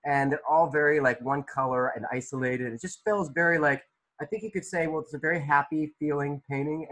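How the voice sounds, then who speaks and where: A man's voice: on the high side, a bit bright, poor audio. Man teaching an art class over video call. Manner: conversational, questioning students by name, many restarts. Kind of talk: online class discussion.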